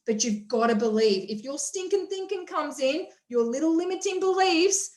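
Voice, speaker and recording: Energetic woman hosting a motivational workshop; high voice, echoey room. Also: moderate pace. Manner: energetic, enthusiastic, acts out quotes. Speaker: workshop host. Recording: roomy echo.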